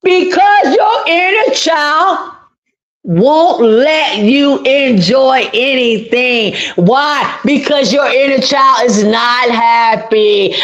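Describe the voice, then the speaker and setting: A woman's voice: high voice, extremely slow, highs cut off. A woman hosting her own channel, talking through an emotional monologue in a repetitive, pleading, heartfelt way. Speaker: channel host giving life advice.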